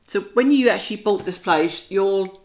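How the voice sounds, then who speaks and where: A woman's voice: mid-range voice, moderate pace, darkish tone. A woman hosting a casual chat, agreeable and backing up her guest with murmured 'mm's and tag questions. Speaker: host.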